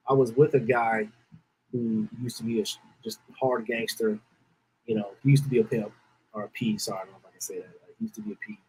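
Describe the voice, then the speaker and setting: With a mid-range voice, a man on his podcast tells an emotional story in a loose, rambling way, repeating himself while trying not to cry. There is slight background noise and the audio quality is poor.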